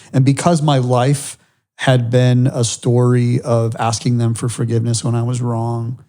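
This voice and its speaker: Reflective, mellow-voiced podcast host man. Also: mid-range voice. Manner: reflective and earnest, with many restarts. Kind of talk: faith-based men's podcast talk.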